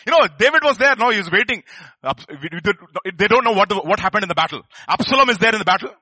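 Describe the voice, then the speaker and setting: A man's voice: high-pitched, brisk, husky, no echo. Fiery male preacher. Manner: animated, rising to fervent shouts. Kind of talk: sermon.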